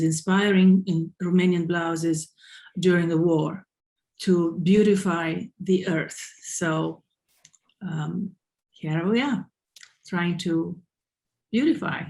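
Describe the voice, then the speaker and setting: A woman hosting a poetry salon over a video call from home, talking in an unhurried way and correcting herself now and then. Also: medium pitch, dark tone. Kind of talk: casual online event hosting.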